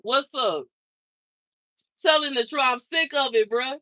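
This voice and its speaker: A woman's voice: high voice, unhurried, bright, forceful tone, no room sound. A woman livestreaming, venting in an exasperated, slangy way and repeating herself as she complains. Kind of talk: casual livestream rant.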